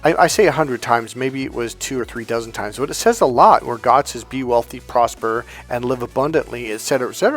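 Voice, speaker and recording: Speaking briskly in a mid-range voice over faint music, this middle-aged life coach recounts a story from his own experience. It's chatty and casual, the dialogue acted out with lively shifts and sprinkled with casual swearing.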